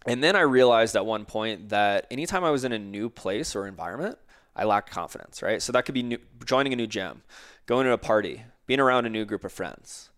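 A man speaks as a guest in a casual podcast conversation. He sounds reflective and relaxed and often checks in with a quick "right?". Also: fairly low pitch. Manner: reflective, relaxed, uses tag questions.

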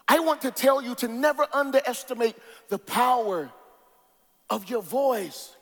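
Very high-voiced male preacher in a reverberant hall. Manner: sing-song preaching cadence, swinging from hushed to shouted; drawn-out pauses on key words. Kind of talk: sermon.

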